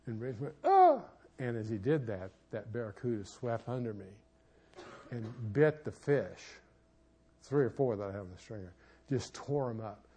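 A man preaching in church as a pastor and marriage counselor, telling a personal story with sudden shouts and asides. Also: lowish voice, normal speed, breathy edge.

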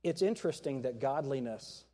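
A middle-aged man preaching a sermon to his church, animated, acting out quotes and jokes along the way. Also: medium pitch, moderate pace. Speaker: pastor.

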